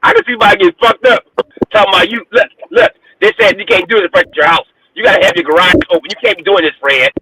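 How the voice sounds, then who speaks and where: A man's voice: high voice, lively intonation, racing, recorded from a distance, background noise. A man co-hosting a morning show who keeps cutting in with questions and jokes. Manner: insistent, cutting in again and again. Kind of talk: comedic morning-show banter.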